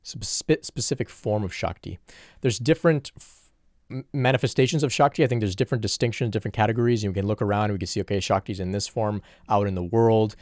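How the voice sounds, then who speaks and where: A man's voice: lowish voice, quick pace, darkish tone, no room sound, clean studio sound. A man in an earnest, reflective solo question-and-answer talk, working through spiritual questions from viewers.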